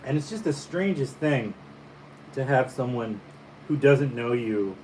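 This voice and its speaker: A man from the Caribbean, a painter, chatting casually over breakfast in a relaxed, musing storytelling way. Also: mid-range voice, measured pace, rough recording. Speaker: painter and vlogger. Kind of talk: casual breakfast vlog chat. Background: faint fan hum.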